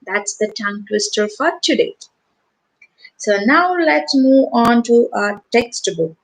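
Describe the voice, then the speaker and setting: A woman's voice: on the high side, animated, slow, low-quality recording. A woman teaching an online class to young children, coaxing them with repeated questions. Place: home or small room, online class.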